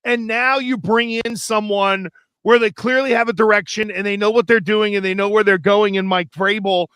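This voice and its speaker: High, bright-voiced sports talk host. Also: male voice, smooth, no room sound. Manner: animated storytelling, rapid, run-on. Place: studio.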